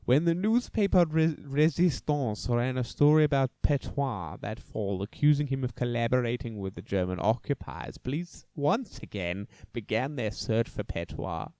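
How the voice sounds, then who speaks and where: A man's voice: medium pitch, expressive, moderate pace, hardly any pauses, warm tone, clear, resonant tone, dry recording. A man hosting a podcast, telling a true-crime story casually and theatrically, with jokey asides. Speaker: podcast host.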